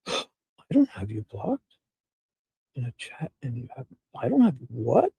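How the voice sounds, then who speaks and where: A man hosting a casual livestream, reading court documents aloud and rambling excitedly to his chat. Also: medium pitch, a little slow, creaky, long pauses, slightly rough, no echo. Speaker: livestream host.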